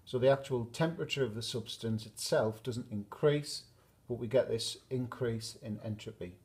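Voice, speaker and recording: A man's voice: mid-range voice, normal speed. Man explaining chemistry at a whiteboard. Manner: steady explanatory, stops to draw on the board. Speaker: chemistry teacher. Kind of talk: whiteboard lesson.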